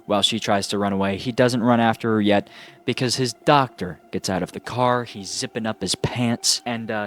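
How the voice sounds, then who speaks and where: A man hosting a casual horror movie review, excitable and jokey with sarcastic asides. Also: fairly low pitch, normal speed, a little hiss or hum.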